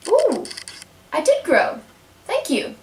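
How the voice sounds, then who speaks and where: A woman's voice: high voice, wildly swooping pitch, slow pace, darkish tone, voice pushed up, heavily acted. A woman voicing a polite, curious young girl in a puppet show, asking eager questions. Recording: roomy, mic set far off.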